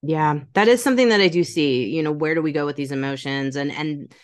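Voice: mid-range voice, a little fast, clean tone, no room sound, studio quality. A podcast host asking a guest a question in a rambling way, with many fillers. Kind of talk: casual interview questions.

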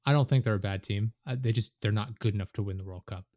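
A man's voice: fairly low pitch, fast talker, darkish tone, no room sound, clean studio sound. A man chatting casually about soccer, rambling and swearing when annoyed.

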